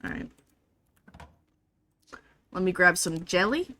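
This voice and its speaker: A woman streaming a game from her desk at home, chatting casually and reading the game text aloud in an animated, giggly way. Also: lowish voice, takes it slowly, no echo. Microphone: headphones with desk mic.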